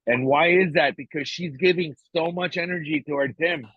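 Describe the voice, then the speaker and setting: A man's voice: on the high side, moderate pace, slightly rough, no echo. A man talking casually on a podcast, blunt and profane, often emotional and restarting his sentences. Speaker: podcast co-host. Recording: dry, tinny phone-like sound.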